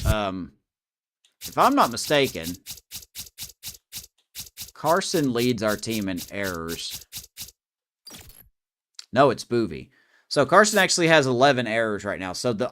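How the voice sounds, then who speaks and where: A man's voice: medium pitch, very animated, measured pace, pauses often, a bit bright, slight background noise. A man casually commenting on his baseball video game, chatty and self-deprecating, reacting to each play. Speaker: gamer playing a baseball franchise mode.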